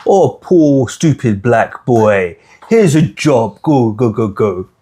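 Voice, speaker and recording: A man putting on a condescending voice that mocks others with slow, sneering fake sympathy. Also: mid-range voice, expressive, mellow. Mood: mocking.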